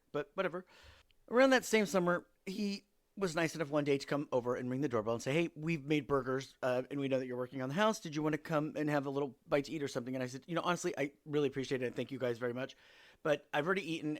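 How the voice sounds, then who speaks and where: A man hosting a podcast, telling stories about his neighbors in a wry, exasperated way and acting out their lines. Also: medium pitch. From Seattle area. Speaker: podcast host. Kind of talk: casual storytelling.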